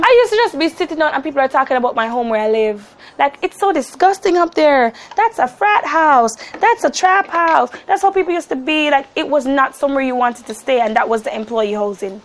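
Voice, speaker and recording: A young Jamaican woman of about nineteen telling a story to camera in a lively, casual way, slipping into Jamaican patois. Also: high voice, fast, hardly any pauses. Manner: animated, slips into Jamaican patois. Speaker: vlogger.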